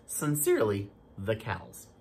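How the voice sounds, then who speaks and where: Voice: medium pitch, wildly swooping pitch, measured pace, a little mellow, husky, pitched below the performer's own voice, full character voice. A storybook reader voicing farm cows reading out a polite, formal letter. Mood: prim.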